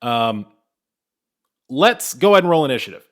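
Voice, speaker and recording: A man's voice: medium pitch, big pitch swings, moderate pace. A man narrating as game master in a tabletop game, loose and conversational with frequent fillers.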